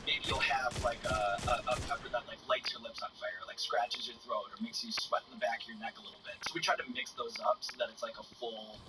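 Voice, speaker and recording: A man's voice: mid-range voice, steady tone, a little fast, few pauses. A man hosting a casual interview, asking questions in a chatty way with filler words. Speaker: interview host. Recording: distant mic with music behind.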